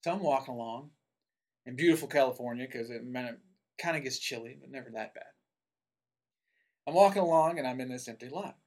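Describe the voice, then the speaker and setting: A man's voice: mid-range voice, a little fast, pauses often, darkish tone. A man from Tennessee telling a personal story in a casual, rambling way, full of asides. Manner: rambling, with many asides and fillers.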